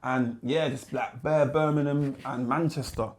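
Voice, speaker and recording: A man's voice: unhurried, slight background noise. A man with a London accent telling stories from his past in a casual interview, using street slang and acting out other people's voices. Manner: animated, mimics voices in his anecdotes with big pitch jumps. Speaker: guest musician. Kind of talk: casual storytelling.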